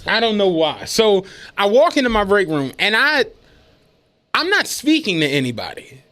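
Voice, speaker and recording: High-voiced man telling a wild story. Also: moderate pace. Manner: animated, profane storytelling, laughing often. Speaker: podcast co-host. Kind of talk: casual chat.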